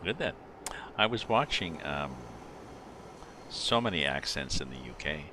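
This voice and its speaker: Over the truck engine and road noise of a driving game, a middle-aged streamer talks casually with his live audience. His bass voice is very animated but a little slow, and he rambles and thinks aloud with many fillers.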